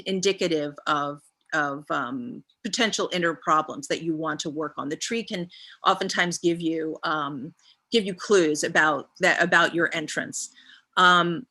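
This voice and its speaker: A woman's voice: lowish voice, bright, forceful tone. A woman guest speaker on a live stream, leading a visualization with a long string of reflective questions and frequent ums.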